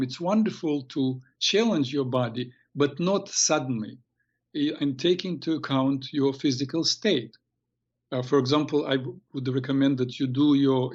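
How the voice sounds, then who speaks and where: A man hosting a radio show, giving earnest, halting health advice and telling a tale. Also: mid-range voice, highs cut off. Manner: hesitant, many restarts, earnest. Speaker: radio show host and therapist. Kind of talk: advice talk and storytelling.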